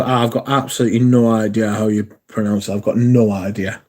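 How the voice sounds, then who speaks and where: A man rambles through a casual live stream, reading comments and swearing as he goes. His voice is warm and mellow, never bright. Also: on the low side, fairly even intonation, fairly quick. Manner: chatty, swears casually, reads viewer comments aloud.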